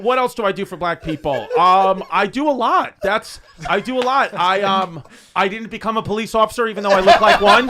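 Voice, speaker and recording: A man doing a self-mocking comic bit on a podcast, halting with fillers and repeats. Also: sits high, sharp tone. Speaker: comedian guest on a podcast. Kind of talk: comic bit riffing on himself.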